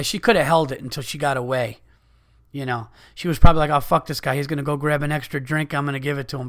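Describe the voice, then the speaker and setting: Fired-up swearing man, gravelly voice. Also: medium pitch, fairly bright tone. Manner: heated, swearing, restarts often. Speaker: podcast host. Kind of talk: profane comedic rant.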